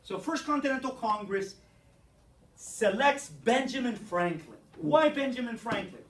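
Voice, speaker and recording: A teacher giving a brisk classroom lecture, explaining step by step and checking in with the students. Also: mid-range voice, expressive. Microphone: distant room mic. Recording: echoey classroom from far off.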